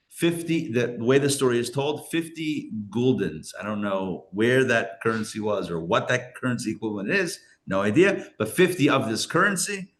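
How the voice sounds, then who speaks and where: In a casual live class at a community center, a rabbi tells a story in a medium-pitched voice at a moderate pace. He's chatty and acts out the characters' lines, his voice jumping in lively ways.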